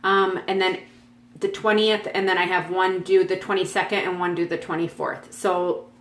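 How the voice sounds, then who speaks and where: At home with her dogs nearby, a cross-stitch vlogger chats casually while showing her stitching projects, rambling with lots of ums and restarts. Her slightly bright voice has little pitch movement and normal speed, sounds reverberant, and jumps sharply upward when she calls her dogs.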